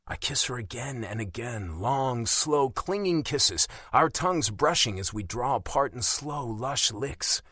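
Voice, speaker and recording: A man narrating a romance audiobook in first person, intimate and steady. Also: medium pitch, no room sound, clean studio sound.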